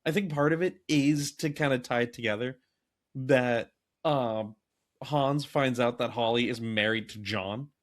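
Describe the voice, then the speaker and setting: A man co-hosting a casual movie podcast, rambling and animated, dropping into quick acted quotes. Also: mid-range voice. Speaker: podcast co-host.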